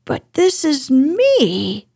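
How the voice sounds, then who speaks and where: A woman voicing a cheerful, simple male teddy bear in a gentle, unhurried way. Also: high-pitched, huge pitch swings, vocal fry, voice pushed up, full character voice.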